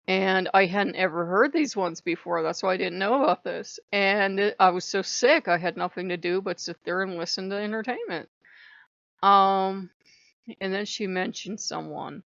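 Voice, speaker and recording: A woman's voice: medium pitch, a bit bright, no echo. A woman who is sick, talking in a frank and rambling way in a casual vlog monologue. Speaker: channel host. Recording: dry, slightly dull recording.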